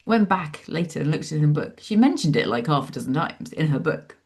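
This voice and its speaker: Lively storytelling woman in her forties. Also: low voice, fairly quick. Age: 40s. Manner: animated, acts out her own past thoughts in lively asides. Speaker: guest, psychologist and author. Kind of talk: conversational storytelling interview.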